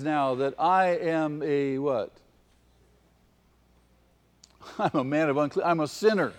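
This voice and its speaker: A man preaching a sermon with passion, his voice swelling to near-shouts at its peaks. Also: a little high, slow, pauses often. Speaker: pastor. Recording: long hall reverb.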